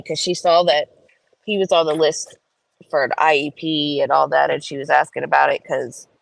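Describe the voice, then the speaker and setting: A woman in her thirties tells a story in a casual vlog, chatty and indignant. Her voice sits low with a gravelly fry. She jumps up high to quote her kids, and the sound is dry and close. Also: no room sound, rough recording. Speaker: vlogger.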